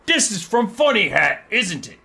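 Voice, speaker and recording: A man hamming up a loud boastful ogre chief. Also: high voice, big pitch swings, moderate pace, vocal fry, slightly rough, pitched above the performer's own voice, exaggerated voice.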